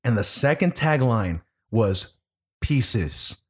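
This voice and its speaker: A man's voice: a little high, a little slow. A man talking casually about a movie, swearing and laughing as he tells the plot. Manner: animated, profane, laughing storyteller. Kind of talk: casual movie review chat.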